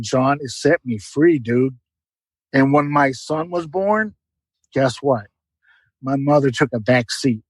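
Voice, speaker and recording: A man's voice: medium pitch, breathy edge, no room sound, low-quality recording. A middle-aged man giving an emotional, earnest personal testimony as a podcast guest, often repeating words.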